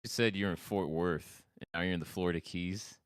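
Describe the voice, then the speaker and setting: A man's voice: low voice, steady tone, fairly quick, clear, resonant tone, no echo. A man from Texas hosting a casual live chat, teasing callers in a dry, joking way.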